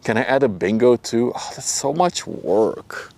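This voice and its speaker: A young man with a Dutch accent speaks at a measured pace in a mid-range voice with vocal fry while hosting a casual riverside livestream. Relaxed and conversational, he laughs often and talks to chat by name, now and then dropping to a softer voice to avoid disturbing people nearby.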